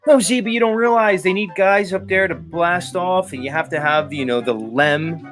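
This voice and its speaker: A smug, condescending man, as a host mockingly puts him on, explains things in a patronizing tone. The voice jumps higher and louder than the host's usual talk. Clear music plays behind him. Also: normal speed. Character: condescending imagined man defending the official story.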